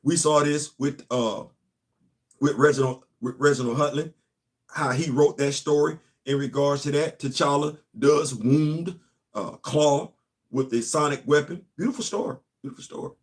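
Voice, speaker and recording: A middle-aged man hosts a casual comics talk, speaking straight to his viewers. His voice sits a little high, and he often builds into loud, animated outbursts. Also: measured pace. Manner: animated, talks straight to the audience, rising to loud exclamations. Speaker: host of a comics commentary channel.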